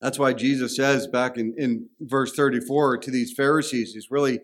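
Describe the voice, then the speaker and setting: A man's voice: mid-range voice, fairly even intonation, normal speed. A man preaching a sermon, emphatic and repeating phrases for stress.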